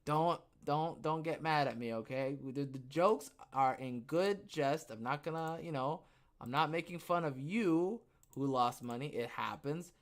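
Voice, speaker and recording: A young man hosts a casual live podcast, chatting in a slightly higher voice. He rambles from one thought to the next, jokes a lot and sometimes breaks into loud, excited outbursts. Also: a little slow. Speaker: podcast host. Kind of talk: casual livestream chat.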